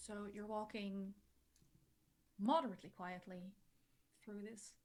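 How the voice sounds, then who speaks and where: A woman's voice: mid-range voice, steady tone, measured pace, darkish tone. A woman running a tabletop horror game as game master, narrating the scene and checking in with the players.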